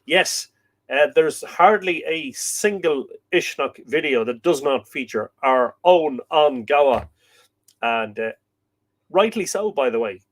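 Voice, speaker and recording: A man's voice: on the high side, expressive, takes it slowly. A man with an Irish accent hosting a live stream, chatting and greeting viewers one by one by name as he reads their comments. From Ireland. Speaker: host.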